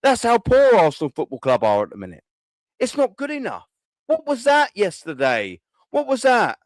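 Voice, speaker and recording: A man's voice: high-pitched, dry recording. A man, hosting a fan call-in show and ranting furiously, swearing and repeating himself. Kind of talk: angry fan rant.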